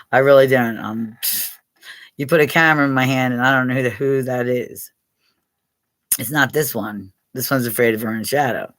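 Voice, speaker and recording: A woman's voice: a bass voice, normal speed, long pauses, fairly bright tone, no echo. Older woman, from Pennsylvania, rambling live-stream chat, salty language, dry close sound. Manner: rambling, swears freely, laughs often. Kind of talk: casual live chat with viewers.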